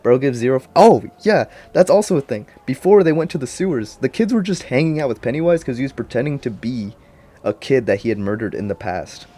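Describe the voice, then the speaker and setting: A man's voice: mid-range voice, lively intonation, brisk, warm tone. A young man rambling casually about a show he watched, full of slang and swearing. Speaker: vlogger.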